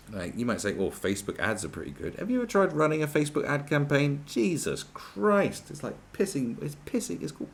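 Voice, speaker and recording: A man's voice: medium pitch, gravelly, slight background noise. Sweary ranting man. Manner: sweary, sarcastic, swings from loud outbursts to muttering. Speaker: commentary channel host. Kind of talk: ranting video commentary.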